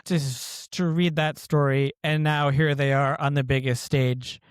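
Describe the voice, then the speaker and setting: A man's voice: on the high side, little pitch movement, a little slow, clear, resonant tone, no echo, studio quality. Chatty man hosting a podcast. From outside Boston, US. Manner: chatty and joking, reads quotes aloud. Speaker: podcast co-host. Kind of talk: casual podcast chat.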